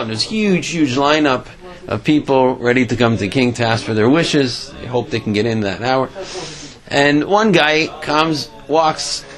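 A man's voice: mid-range voice, rough recording. A man giving a Torah class, telling a parable animatedly and voicing its characters, with many fillers and restarts. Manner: animated storytelling with voiced characters.

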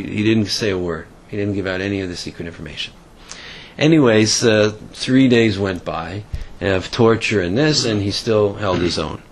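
A man telling a story and then drawing a moral lesson from it, speaking in a halting way that often repeats words. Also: on the low side. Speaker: religious storyteller and teacher.

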